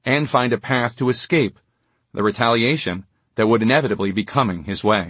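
A man reads a novel aloud in a measured, steady way. His voice is husky and his recording sounds dry and close, with no room around it. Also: mid-range voice, no echo. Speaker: audiobook narrator. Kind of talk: scripted narration.

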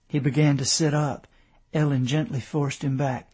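A man narrating a novel in a measured storytelling voice. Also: mid-range voice, little pitch movement, a little mellow, husky. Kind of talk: audiobook narration.

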